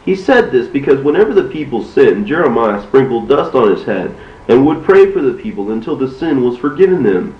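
A man giving a measured, steady scripture reading, recorded from a distance in an echoey room with a dull sound. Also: mid-range voice. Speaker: reader.

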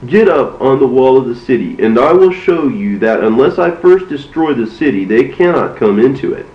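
A man's voice: medium pitch, expressive, normal speed, close to an everyday voice. Solemn commanding God voice, a man reading it out, roomy distant room sound. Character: the Lord, commanding male divine voice. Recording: distant, roomy, dull recording.

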